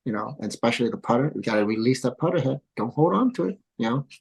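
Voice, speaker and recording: A middle-aged man, a golf coach, telling animated stories in a podcast interview, laughing often and acting out what people said. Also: mid-range voice, quick pace, gravelly, breathy edge, low-quality recording. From came to the U.S. as a kid. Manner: excitable, laughs often, acts out quoted dialogue. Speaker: golf coach and father of a pro golfer.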